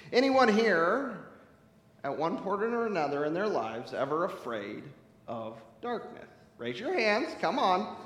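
A man with a high voice preaches to his congregation, with lots of rise and fall in his pitch. He is playful and teasing and talks directly to the people in the pews. The recording carries the echo and long reverb of a church hall. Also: a bit bright. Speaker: pastor. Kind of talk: sermon. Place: church sanctuary.

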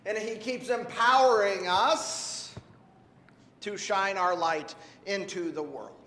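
A man giving a children's sermon, gently asking a child questions as he teaches. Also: sits high, slow. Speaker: pastor. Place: church sanctuary. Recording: echoey hall with long reverb.

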